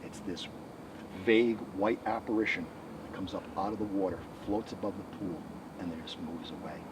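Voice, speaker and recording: A man who researches the paranormal, telling ghost stories in an animated interview outdoors by a rural road. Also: deep voice. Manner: animated, quick storytelling. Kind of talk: storytelling interview. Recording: distant mic, outdoor traffic noise.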